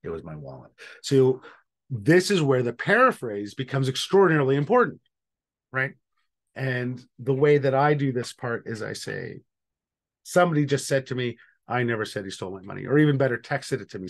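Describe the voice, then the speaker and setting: Male trainer, mid-pitched, casual and discursive, video-call audio. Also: moderate pace. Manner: casual, thinking aloud with fillers and restarts. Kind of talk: online training session.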